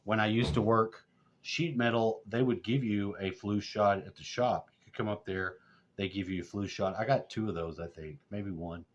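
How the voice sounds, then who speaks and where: A middle-aged man telling loose, rambling stories and swearing constantly, getting loud and high when worked up. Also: fairly even intonation, normal speed. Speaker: vlogger. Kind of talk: rambling profane storytelling. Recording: dull lo-fi sound.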